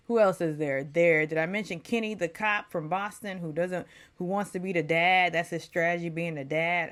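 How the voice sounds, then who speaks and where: A Texas woman vlogs a casual, opinionated recap of a reality show, chatting away and mocking people by quoting them in put-on voices. Her voice sits at a medium pitch with a slight brightness.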